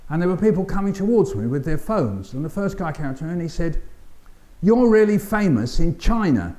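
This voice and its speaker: A man's voice: a little high, quick pace. Older London man telling stories. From England. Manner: animated storyteller, acting out voices and sounds, dry humour. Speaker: keynote speaker. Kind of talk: storytelling keynote speech. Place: conference hall.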